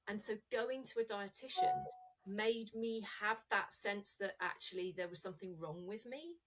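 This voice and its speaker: A woman's voice: mid-range voice, moderate pace, a bit bright, soft background music. A woman coach talking freely in a podcast interview, rambling and correcting herself as she explains ideas. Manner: rambling, self-correcting, demonstrative. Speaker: coach and guest.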